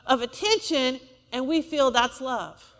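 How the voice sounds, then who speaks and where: A woman's voice: sits high, measured pace, a bit bright, big-room sound. A woman preacher, delivering a sermon in a church and asking the congregation for amens. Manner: call-and-response preaching, asks for amens.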